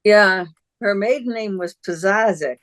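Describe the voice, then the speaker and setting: A woman's voice: mid-range voice, unhurried, a bit bright, no echo, clean studio sound. A woman artist, a podcast guest, chatting casually and recalling old times with a friend. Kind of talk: casual conversational interview.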